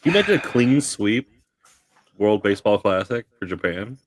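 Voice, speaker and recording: A man's voice: lowish voice, big pitch swings, moderate pace, no echo. A man co-hosting a podcast, chiming in with quips in a laid-back manner. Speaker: podcast co-host. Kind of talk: casual podcast banter.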